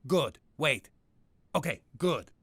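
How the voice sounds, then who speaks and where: Gravelly mob dad. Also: male voice, a little high, big pitch swings, slow, heavy background noise, full character voice. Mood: coaxing. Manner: exasperated, shouts then caves. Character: blustery middle-aged mob dad, soft on daughter. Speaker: strip club co-owner and father.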